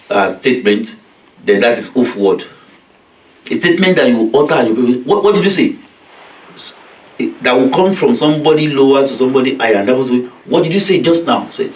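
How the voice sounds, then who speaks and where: Male religious teacher, weekly lesson, explains Arabic verses in plain English, acts out the quotes, echoey community hall, far from the mic. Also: medium pitch. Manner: recites verses in Arabic and explains them in simple, repetitive English; acts out quoted voices of children and parents. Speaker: religious teacher leading a weekly study circle. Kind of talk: religious lecture.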